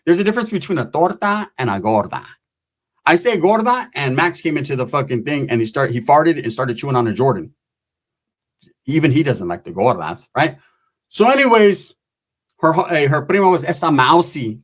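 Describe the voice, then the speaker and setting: A man's voice: fairly high pitch, very animated, a little fast. A middle-aged man, telling a loose, profane story with slang and constant asides. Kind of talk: casual storytelling.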